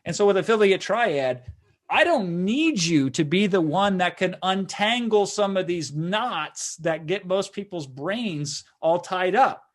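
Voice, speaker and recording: Middle-aged male webinar host, slightly high voice, loose conversational sales pitch. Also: expressive, a little slow. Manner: conversational, frequent "right?" tag questions. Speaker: webinar host and marketing consultant.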